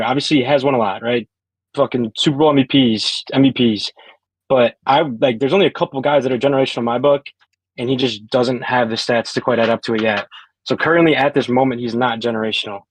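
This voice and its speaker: A man's voice: mid-range voice, no echo, rough recording. A man arguing in a casual live podcast debate, hesitant and full of fillers, speaking through earbuds. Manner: hesitant, filler-heavy, argumentative. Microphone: AirPods.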